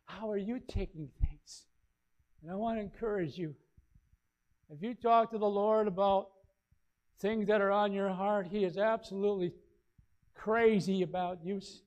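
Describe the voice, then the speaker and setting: A man pastor preaching a sermon, telling stories with big swings between loud and soft. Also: a little slow, long pauses, rough recording. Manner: storytelling preacher, dynamic swings in loudness and pitch.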